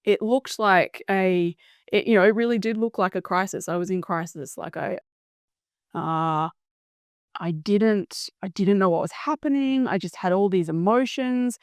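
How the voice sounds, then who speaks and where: A woman's voice: mid-range voice, measured pace, smooth, no echo, studio quality. A woman guest in an interview, telling her story in an earnest, reflective way, searching for words.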